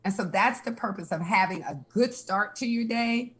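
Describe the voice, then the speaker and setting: A woman's voice: medium pitch, moderate pace, fairly bright tone, slightly rough. A woman giving frank, emphatic health advice in casual chat, laughing now and then. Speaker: health guest.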